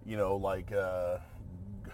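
A man's voice: mid-range voice, expressive, moderate pace, slight background noise. A man chatting casually as a co-host, rambling and joking, often trailing off and restarting. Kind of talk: casual chat.

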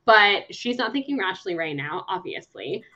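A woman's voice: mid-range voice, moderate pace, background noise. A young woman co-hosting a casual book podcast, retelling scenes with playful voices for the characters. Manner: animated, acts out characters' lines while retelling. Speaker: podcast co-host. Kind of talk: casual book-club chat. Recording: slightly dull lo-fi sound.

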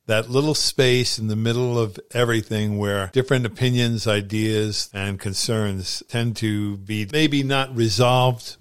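A man's voice: on the low side, clean tone. A man hosting a podcast and asking easygoing, reflective questions. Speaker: podcast host. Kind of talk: casual interview.

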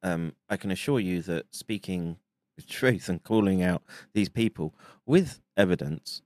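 Brief: deep-voiced male commentator, halting delivery, dry close sound. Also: expressive, a little mellow, no room sound. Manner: halting, with fillers and restarts. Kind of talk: monologue commentary.

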